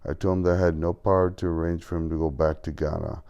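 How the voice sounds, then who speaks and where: A man reads an audiobook in the first person. His voice is very deep and dark. He keeps a measured pace and stumbles on a word now and then. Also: level tone, vocal fry, highs cut off. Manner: measured first-person reading with small slips. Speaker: audiobook narrator. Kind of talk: scripted narration.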